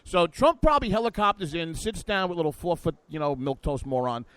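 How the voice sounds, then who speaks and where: A man hosting a political talk radio show, brash and hyped, riffing fast between topics on a studio microphone. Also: fairly high pitch, expressive, a bit bright, clean tone, dry recording.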